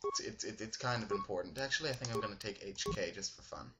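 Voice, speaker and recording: A man's voice: on the low side, fast talker, heavy background noise. A man doing casual, sarcastic, rambling commentary as the host of a game let's play. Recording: game music playing behind.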